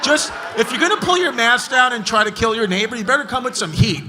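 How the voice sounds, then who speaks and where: A man with a New York accent doing brash, profane stand-up crowd work, roasting hecklers and often shouting. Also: very high voice, lively intonation, fast, background noise. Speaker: stand-up comedian. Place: comedy club stage with a laughing crowd. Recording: live club audio with crowd laughter.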